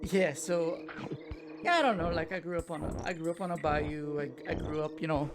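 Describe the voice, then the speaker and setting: A man in his thirties from South Louisiana with a South Louisiana accent, chatting casually and rambling as he plays a video game. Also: on the high side. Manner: rambling, loses his train of thought. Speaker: gaming show host. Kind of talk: casual chat while playing a video game. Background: game music.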